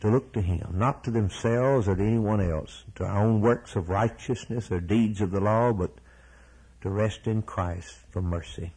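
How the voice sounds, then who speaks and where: A man's voice: fairly low pitch, measured pace, mellow, husky, poor audio. A man preaching a sermon, emphatic and repeating key words, then closing in a prayer.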